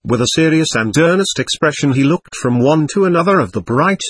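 A man narrating a novel as an audiobook, reading in an expressive, lively way. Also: a little high, brisk, breathy edge, no room sound.

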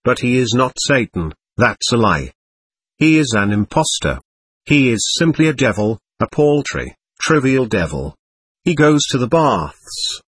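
A man's voice: medium pitch, big pitch swings, measured pace, breathy edge, no echo. A man reading as a feverish, delirious young man. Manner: rambling, agitated, brooding.

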